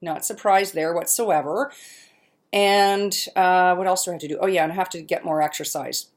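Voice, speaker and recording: A middle-aged woman chats into the camera at her mother's home, her voice sitting a little on the low side. She is self-deprecating and laughs often, and now and then she stalls mid-sentence while she searches for a word. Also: moderate pace. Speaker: vlogger. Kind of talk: casual personal vlog.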